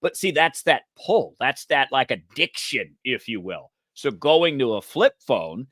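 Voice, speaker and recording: A man from the United States co-hosting a news talk show, animated and chatty and quick to laugh. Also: mid-range voice, no room sound, studio quality. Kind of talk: casual political chat.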